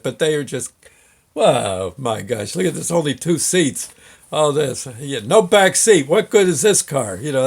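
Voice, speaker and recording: A man tells a story in a loose, meandering way, often stopping to restart a phrase and chuckling to himself. His voice sits a little higher than most men's. He sounds like a show host talking off the cuff. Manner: rambling, with many fillers and restarts, chuckling often. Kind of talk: casual anecdotal storytelling.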